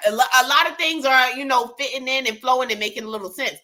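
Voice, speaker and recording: A woman's voice: sits high, expressive, brisk, pushed and bright. A woman co-hosting a casual gossip show, talking in a blunt, profane, rambling way full of restarts. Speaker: co-host.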